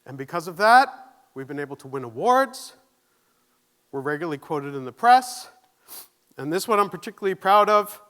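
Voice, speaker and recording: A man's voice: high-pitched, very animated, normal speed, pauses often, fairly bright tone. A man giving a conference keynote, nervous but earnest, asking the audience questions and joking at his own expense. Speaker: keynote speaker. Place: conference stage.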